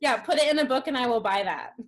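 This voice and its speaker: A woman's voice: high-pitched, fast. Play an earnest woman guest on a video call. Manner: earnest, emphatic, speeds up when excited. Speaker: podcast listener guest. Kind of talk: casual chat.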